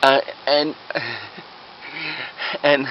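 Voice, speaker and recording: A man rambling through a comic prank idea, acting out the bystanders in high, shouty voices. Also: extremely slow, highs cut off, a little hiss or hum. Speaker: vlogger.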